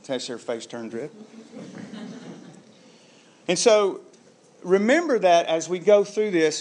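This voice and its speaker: Guy pastor giving a sermon, kinda high voice, tells the story animated and does the voices.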